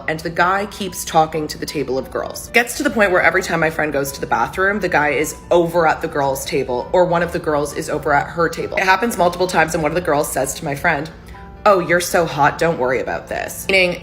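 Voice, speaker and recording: Low-voiced woman, blunt storyteller. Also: a bit bright. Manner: blunt, swears freely, indignant. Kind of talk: casual storytime rant.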